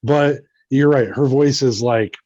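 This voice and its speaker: An easygoing man joins a casual podcast as a guest and laughs along often. He speaks at a middle pitch. The sound is dull and lo-fi, and his voice sounds dry and close. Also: measured pace, darkish tone, dry recording.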